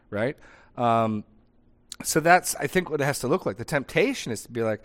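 Animated male pastor teaching. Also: a little high, quick pace. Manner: animated, acts out dialogue examples. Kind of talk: conversational sermon.

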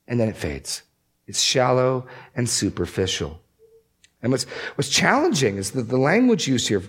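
A man's voice: mid-range voice, very animated, moderate pace, a bit bright, slightly rough. A man preaching as a pastor, emphatic and repeating key phrases for stress. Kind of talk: sermon.

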